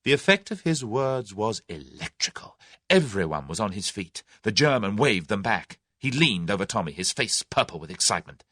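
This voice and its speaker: Brief: male narrator, low, animated, dry close mic. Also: normal speed, breathy edge, dry recording. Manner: expressive, dramatic reading. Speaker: audiobook narrator. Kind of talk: scripted narration.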